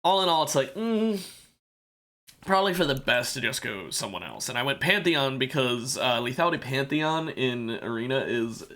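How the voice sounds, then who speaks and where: Man streaming a game, half-awake, rambling; bright voice, animated pitch. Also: moderate pace. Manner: rambling, self-correcting, laughs at himself. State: sleepy, yawning. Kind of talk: casual gameplay commentary.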